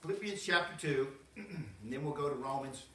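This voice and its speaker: A man pastor, preaching a folksy, animated sermon with frequent asides to the congregation. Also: a little high, normal speed. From Southern United States. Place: church sanctuary. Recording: roomy church sound from a distance.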